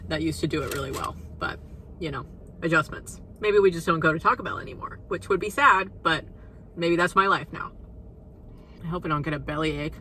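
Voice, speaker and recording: Out of breath after walking uphill, a young woman vlogger talks casually to camera, chatty and full of "like" and "you know." Her low voice is bright with a forceful tone, and the poor audio carries a little hiss or hum.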